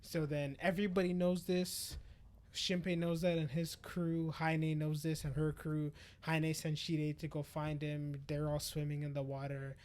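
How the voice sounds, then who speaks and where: A young adult man co-hosting a podcast, excitedly retelling an episode in casual chat and slipping into quick paraphrased lines for the characters. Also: on the high side. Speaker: podcast co-host.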